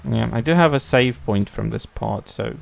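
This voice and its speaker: A man's voice: medium pitch, moderate pace, gravelly. A young man streaming a game, chatting casually, playful and swearing freely. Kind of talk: casual gameplay commentary.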